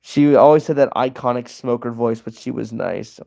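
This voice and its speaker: A man's voice: medium pitch, a little slow, gravelly, darkish tone. Young man rambling on a livestream. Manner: rambling, reads out chat and answers it. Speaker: livestream host. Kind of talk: casual livestream Q&A.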